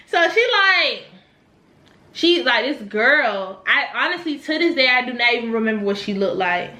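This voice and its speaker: A young woman from Virginia vlogging a casual story, animated, swearing and laughing as she talks. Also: fairly high pitch, normal speed. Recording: echoey room.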